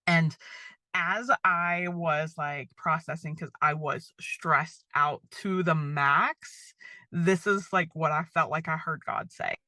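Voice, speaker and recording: A woman's voice: low-pitched, fairly even intonation, takes it slowly, sharp tone, dry recording. A middle-aged woman hosting a faith-based podcast, talking casually with lots of fillers and asides. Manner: chatty, many fillers like "um" and "like". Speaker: podcast host.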